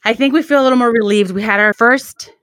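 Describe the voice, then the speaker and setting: Woman podcast co-host, casual and chatty, animated, dry close sound. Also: on the high side, fast, no room sound.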